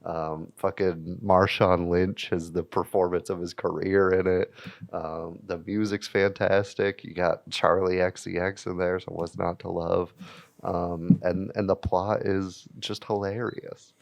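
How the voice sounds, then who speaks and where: A man's voice: sits low, little pitch movement, unhurried, vocal fry. A man co-hosting a casual podcast, hyping things up with swearing and slang. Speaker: podcast co-host.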